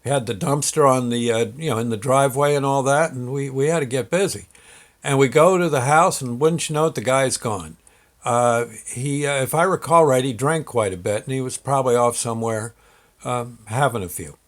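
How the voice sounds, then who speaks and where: A man's voice: mid-range voice, normal speed. A man hosting his own show, telling a personal story in a rambling, folksy way with many fillers and restarts. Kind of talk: casual storytelling.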